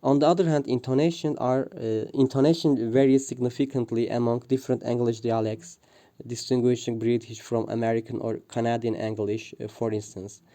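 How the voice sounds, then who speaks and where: A man reads a prepared linguistics presentation, pausing often with "uh" and restarting words. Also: medium pitch, steady tone, mellow. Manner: hesitant, frequent "uh" fillers and restarts. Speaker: student presenter.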